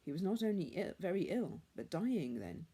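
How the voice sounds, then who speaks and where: Poor husband confiding in his wife, low mellow voice, read by a woman. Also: very animated, normal speed, slightly rough. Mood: relieved. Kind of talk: storybook reading.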